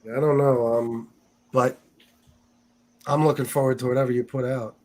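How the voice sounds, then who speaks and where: A man's voice: mid-range voice, level tone, moderate pace, darkish tone. A man hosting a casual livestream chat, talking loosely with plenty of swearing and fillers. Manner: loose and profane, with many fillers. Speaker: livestream host.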